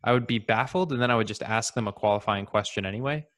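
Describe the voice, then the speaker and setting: Man recounting sales calls, lowish voice. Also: quick pace, fairly bright tone. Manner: acts out phone exchanges. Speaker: sales panelist. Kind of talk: casual anecdote.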